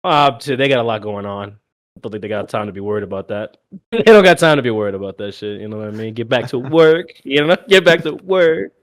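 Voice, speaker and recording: A man's voice: fairly low pitch, fast. A young man from Milwaukee co-hosting a podcast, chatting casually, swearing a lot and laughing often. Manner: profane, animated, laughs often. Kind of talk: casual chat.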